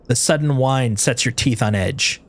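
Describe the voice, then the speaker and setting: A man's voice: mid-range voice, a little slow. A man streaming a story game, reading its narration aloud with expression and breaking off for playful asides.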